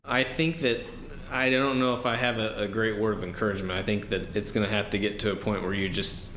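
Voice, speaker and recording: A low-pitched man speaks in a relaxed, halting way and keeps starting over. He is recorded in a roomy, echoing space with a faint hiss behind him. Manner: relaxed, hesitant, many ums and restarts. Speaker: podcast guest, real estate wholesaler. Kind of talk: casual interview answers. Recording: roomy with faint background noise.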